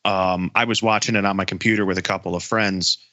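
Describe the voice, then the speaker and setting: A man with a lowish voice and a strikingly bright, forceful edge co-hosts a sports podcast. He talks in loose casual chat, getting excited and stammering through restarts. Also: fast, highs cut off. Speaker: podcast co-host.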